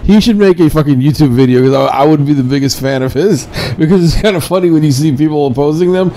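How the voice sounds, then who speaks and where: A man from India giving casual, profane reaction commentary, laughing often and clearly amused. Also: on the high side, fast talker, warm tone, a little hiss or hum. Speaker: commentator reacting to a street video.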